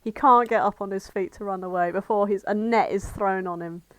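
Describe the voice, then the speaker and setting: A woman's voice: mid-range voice, steady tone, a little fast, fairly bright tone, no echo. A woman co-hosting a podcast, chattily retelling a fan fiction with giggles and casual swearing. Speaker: podcast co-host. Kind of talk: casual fanfic review chat.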